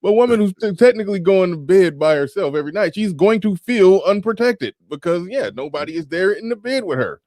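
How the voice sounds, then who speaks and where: A man's voice: high voice, lively intonation, fairly quick, few pauses, a little mellow, dry recording, studio quality. A man hosting a casual livestream, talking bluntly and profanely with laughs and sarcastic asides while reading viewer super chats. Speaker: livestream show host.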